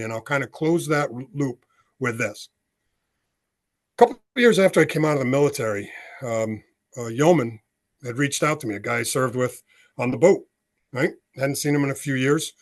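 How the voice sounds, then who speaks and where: A man's voice: medium pitch, moderate pace. A man in his sixties from the United States, an author and veteran telling his story as a podcast guest, acting out the dialogue as he goes. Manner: animated storyteller, acts out dialogue.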